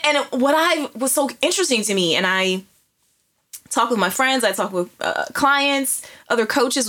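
A woman's voice: mid-range voice, fairly bright tone. A woman who co-hosts a podcast and works as a coach, talking casually and reflectively with vivid imagery. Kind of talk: casual intimate conversation.

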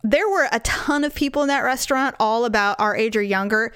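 A middle-aged woman with a smooth, fairly high voice chats through a story. She tells it with animated, profane energy and acts out the lines of the people in it. The sound is dry and close. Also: a little fast, dry recording. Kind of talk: casual chat.

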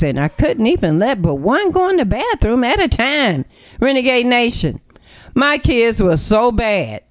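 A woman's voice: mid-range voice, darkish tone, dry recording. A woman hosting a talk radio show, giving opinionated commentary in an emphatic, preachy way full of rhetorical questions.

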